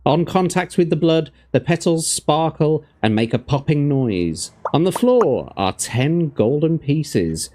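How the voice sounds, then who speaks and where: A man's voice: fairly high pitch, sing-song, measured pace, hardly any pauses, dark tone. A man as game master reading a gamebook aloud, narrating with stumbles and self-corrections.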